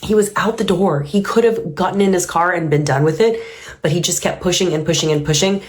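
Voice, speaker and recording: A woman with a notably low voice talks through her reaction to a clip. Her delivery is earnest and reflective, thinking aloud as she goes. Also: fairly quick. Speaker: reaction video host. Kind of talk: reaction commentary.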